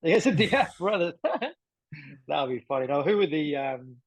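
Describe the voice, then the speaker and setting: A man's voice: a little high, lively intonation, moderate pace, dry recording. A man co-hosting a podcast in casual chat, chatty and thinking aloud with plenty of fillers. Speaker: podcast co-host. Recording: dull lo-fi sound.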